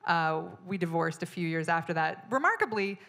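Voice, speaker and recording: Lady comic on stage, kinda low voice, tells her story all animated and fed up. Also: moderate pace. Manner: animated and exasperated, acting out quoted people. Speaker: stand-up comedian. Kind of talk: stand-up storytelling. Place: stage in front of an audience.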